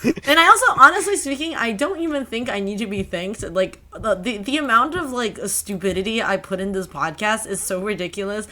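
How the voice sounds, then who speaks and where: A woman's voice: medium pitch, lively intonation, fairly quick, few pauses, bright, forceful tone. A woman co-hosting a podcast in casual chat, laughing often and swearing in mock exasperation. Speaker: podcast co-host.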